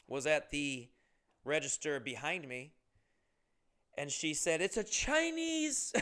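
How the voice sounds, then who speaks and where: A man's voice: mid-range voice, sharp tone. A young man hosting a comedy podcast, telling stories casually, rambling and profane, and often interrupting himself.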